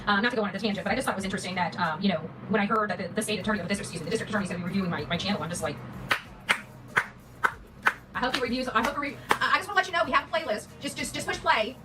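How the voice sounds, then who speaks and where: A woman livestreamer rambles through a monologue in a put-on country drawl, repeating herself and stumbling over words as her pitch swings up and down. She talks at a racing pace on a distant mic against a noisy background.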